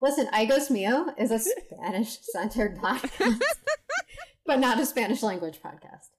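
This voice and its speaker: A woman's voice: on the high side, lively intonation, heavy background noise. Playful woman podcast guest. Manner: playful, quick quips and frequent "mm-hmm"s. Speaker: podcast guest, host of another podcast. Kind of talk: casual chat.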